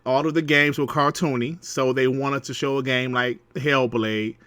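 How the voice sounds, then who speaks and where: A man hosting a casual gaming podcast, talking in a lively, slangy way and laughing easily. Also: mid-range voice, moderate pace, clear, resonant tone, no room sound. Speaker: podcast host.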